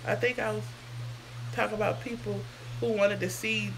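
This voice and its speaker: A woman's voice: medium pitch, steady tone, moderate pace, vocal fry, a little hiss or hum. A woman, hosting a casual hair livestream while sick and answering viewer comments. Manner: chatty, sidetracked, answers comments aloud. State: sick, sounds under the weather.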